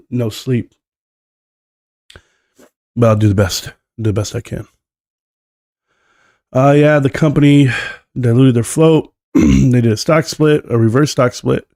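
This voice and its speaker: A man hosting a casual live stream while sick, rambling between coughs and throat-clearing. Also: medium pitch, mellow, dry recording, studio quality.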